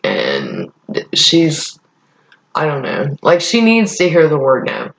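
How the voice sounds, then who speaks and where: A woman's voice: low voice, wildly swooping pitch, takes it slowly, creaky. A young woman vlogger rambling in a casual chat, blunt and profane. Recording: echoey room, dull lo-fi sound.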